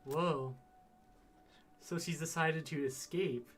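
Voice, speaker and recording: A man's voice: on the high side, fairly even intonation, takes it slowly, slight background noise. A man joking around while commenting casually on a game he plays with a friend. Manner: joking, goofy. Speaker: let's play gamer.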